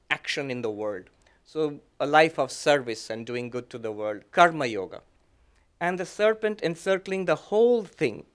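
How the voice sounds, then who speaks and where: A man, a monk, giving a reflective talk that mixes his own story with teaching, speaking gently with frequent fillers and soft laughs. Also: medium pitch, clear, resonant tone. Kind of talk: reflective lecture with personal story.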